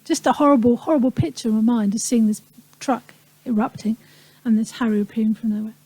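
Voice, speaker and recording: A woman in her fifties from the Falkland Islands speaks to an audience, reflective and unhurried, pausing often, with dry humor. Her voice sits fairly high but sounds mellow and soft-edged. The sound is dry, with little room echo. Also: slightly rough. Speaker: speaker recounting a wartime childhood. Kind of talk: personal talk to an audience.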